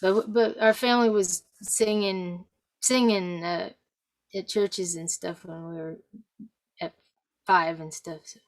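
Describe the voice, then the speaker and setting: A woman musician chatting casually on a video call, halting and low-key, her voice trailing off quietly. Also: steady tone, dry recording. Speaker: musician guest. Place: home, Texas.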